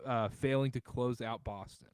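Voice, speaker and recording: A man from the American South hosting a casual sports podcast, talking in an animated way and jumping up in pitch when excited. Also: normal speed, smooth, no echo. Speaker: podcast host.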